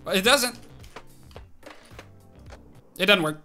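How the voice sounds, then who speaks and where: A young man hosting a gaming video, his bright, forceful voice swinging widely up and down as he reacts to each move. He talks to himself and narrates his tricks in an excited, animated way. Faint music plays underneath. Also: on the high side, normal speed, pauses often. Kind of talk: excited gameplay commentary.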